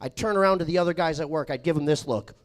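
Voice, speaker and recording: A man's voice: on the high side, rapid-fire. A man doing a live stand-up set, telling rambling, self-mocking stories full of swearing. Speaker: stand-up comedian. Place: live comedy stage.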